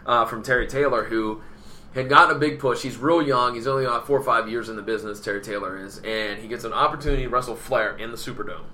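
A man's voice: medium pitch, quick pace, bright, forceful tone. A man in casual chat, telling a story animatedly and acting out the quotes.

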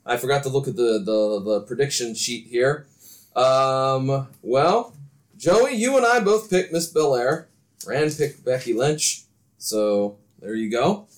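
A man with a medium-pitched voice speaks slowly as he hosts a casual podcast. He runs the segment, steering the conversation and asking his co-hosts for their ratings.

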